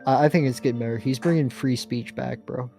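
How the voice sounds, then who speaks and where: A podcast co-host with a mid-range voice riffs in deadpan irony and teases the guest. Light music plays faintly underneath. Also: mid-range voice, fairly quick, creaky. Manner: ironic, teasing, deadpan trolling. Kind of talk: casual podcast banter.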